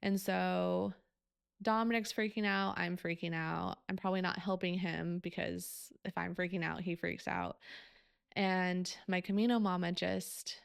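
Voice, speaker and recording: Young woman podcast host, candid and emotional, swears freely, some vocal fry, dry close recording. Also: lowish voice, fairly even intonation, a little slow, no room sound. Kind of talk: personal storytelling.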